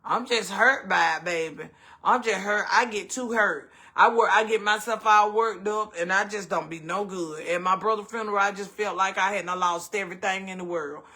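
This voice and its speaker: With a high voice and a moderate pace, a man from the US South hosts a relaxed chat for viewers. He's animated, addressing them as baby and honey.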